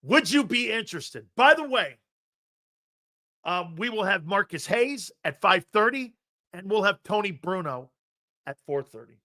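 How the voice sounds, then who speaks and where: Bright-voiced, emphatic sports talk host. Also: male voice, sits high, sing-song, a little slow. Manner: emphatic, argumentative, repeats himself while building a point. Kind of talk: opinionated sports talk on a live stream.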